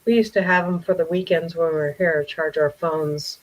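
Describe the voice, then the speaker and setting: Female guest, deep voice, dry room, friendly anecdote teller. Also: fairly even intonation, moderate pace, no room sound, poor audio. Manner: friendly, agreeing, tells short anecdotes. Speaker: guest on live stream. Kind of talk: casual live-stream chat.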